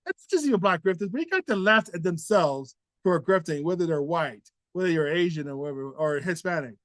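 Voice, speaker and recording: A man's voice: a little high, animated, fairly quick, fairly bright tone, no echo. A man hosting an opinion commentary show, talking in an earnest, indignant way with many repeats and restarts. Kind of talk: opinion commentary, casual monologue.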